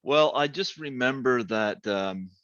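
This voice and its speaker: A man hosting a casual interview, talking hesitantly with many pauses and fillers. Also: mid-range voice, animated, a bit bright, dry recording. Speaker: host. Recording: dry, dull lo-fi audio.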